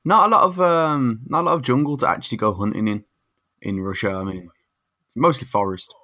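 A man's voice: mid-range voice, fairly quick, bright, forceful tone, no room sound. A young man co-hosting a podcast, laid-back and making dry jokes. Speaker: podcast co-host. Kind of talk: casual podcast chat.

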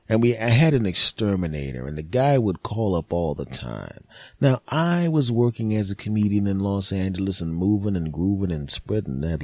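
A man's voice: low voice, dark tone, no room sound. A man, a comedian hosting his own podcast, telling a rambling, profane, jokey story as a monologue.

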